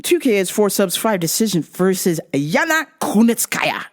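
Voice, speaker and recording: A woman's voice: medium pitch, normal speed. A woman hosting a show in a casual comedic monologue, profane and often laughing. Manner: animated, profane, laughing a lot. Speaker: show host.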